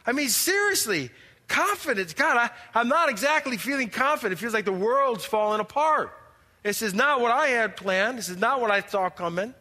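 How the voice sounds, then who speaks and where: Recorded in an echoing hall, this church drama monologue features a male actor as an overwhelmed, anxious believer pleading with God, stammering in frustration. He uses an extremely high, exaggerated voice that is pushed and bright, animated, at a moderate pace.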